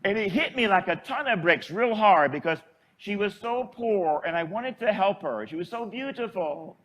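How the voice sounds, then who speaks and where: A priest with a fairly high voice tells a homespun story from the pulpit. His delivery is conversational and folksy, and he chuckles as he goes. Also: expressive, normal speed, fairly bright tone. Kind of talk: storytelling homily.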